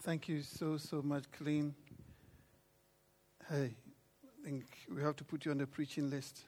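Man, pastor leading the service, rousing call and response, slow, deliberate delivery. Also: a little high, little pitch movement, a little mellow. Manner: exuberant, rousing.

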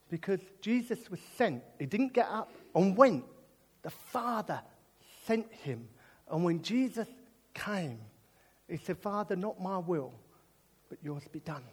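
Lively, high-voiced British preacher. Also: male voice, slightly rough. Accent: British English. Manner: animated and jokey, drifting into earnest preaching. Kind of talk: sermon with comic storytelling.

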